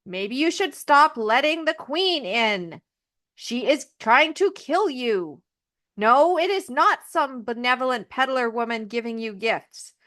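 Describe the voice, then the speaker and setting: Fed-up dwarves scold a trusting girl, hammering each warning slowly and firmly. The tone is exasperated and lecturing. A woman plays them in her own fairly high voice. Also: lively intonation, fairly bright tone, heavily acted.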